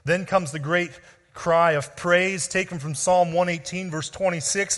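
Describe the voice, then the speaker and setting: A male pastor delivering a sermon with a slightly raised pitch. He speaks in an earnest teaching tone and sinks low and quiet on the words he stresses. His voice carries a long reverb from the church sanctuary around him. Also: fairly even intonation, a little slow.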